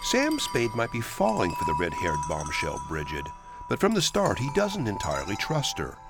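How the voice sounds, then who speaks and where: A man hosting a radio program, giving scripted narration in a measured, even announcing style. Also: fairly low pitch, gravelly, loud music behind the voice.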